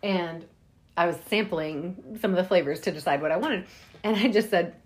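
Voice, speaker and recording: A woman's voice: fairly low pitch, normal speed. A woman from Nashville in her early forties, chatty and wry, telling a story in a casual conversation and laughing through it. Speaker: guest co-host.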